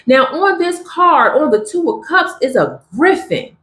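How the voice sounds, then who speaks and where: Woman doing a tarot reading for her viewers, kinda high voice, pushy and emphatic, roomy echo around her. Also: very animated, measured pace, a bit bright. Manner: emphatic, repeats catchphrases to her audience. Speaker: tarot reader.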